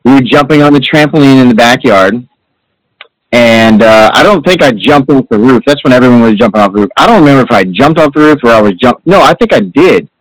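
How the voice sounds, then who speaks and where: A man's voice: mid-range voice, lively intonation, brisk, no echo, rough recording. Rambling, swearing man telling stories, dry. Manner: rambling, profane storytelling. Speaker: guest. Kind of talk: casual chat among childhood friends.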